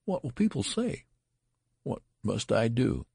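A man's voice: mid-range voice, sing-song, a little slow, creaky, darkish tone, breathy edge, no echo, clean studio sound, pitched above the performer's own voice, full character voice. A man voicing a frantic, horrified father who bursts out in disbelief. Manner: frantic, incredulous outbursts.

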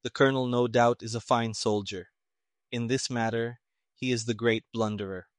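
A man reading a story, voicing a calm male civilian investigator who speaks tonelessly and deliberately. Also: medium pitch, no room sound, studio quality, close to an everyday voice. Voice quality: toneless, flat. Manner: slow, deliberate, sparing with words.

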